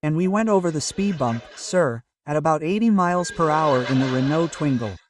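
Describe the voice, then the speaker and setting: Man, stand-up comedian, animated crowd banter, slightly high voice, picked up from afar. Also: normal speed, recorded from a distance. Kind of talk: stand-up routine with crowd work. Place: comedy stage before a live audience.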